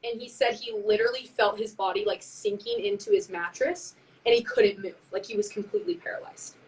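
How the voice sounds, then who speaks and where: A woman tells a story in loose, casual chat, acting out each quote and leaning on "like" constantly. Her voice sits a little high. She sounds a step back from the phone mic. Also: brisk, distant mic, a little hiss or hum, poor audio. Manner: animated, heavy use of "like", acts out quotes. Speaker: band member on a live stream.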